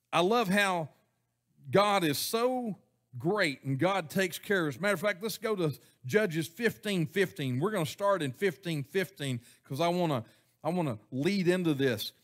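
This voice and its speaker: A man's voice: sits high, animated, normal speed. A man preaching a sermon to his church congregation, folksy and chuckling, often asking the people questions. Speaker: pastor. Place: church sanctuary.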